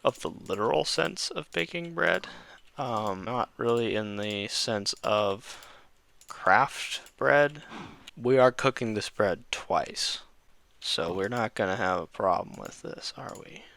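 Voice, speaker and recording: A man's voice: mid-range voice, slow pace, vocal fry, a bit bright, dry recording. A man casually commenting while playing a building game, rambling, correcting himself and talking to his viewers. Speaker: gaming channel host.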